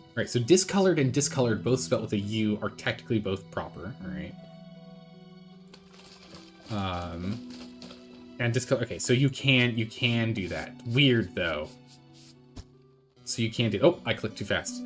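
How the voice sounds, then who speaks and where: A man streaming a game, chatting and rambling with quick asides. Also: lowish voice, fairly bright tone, faint music behind. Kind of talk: gaming commentary.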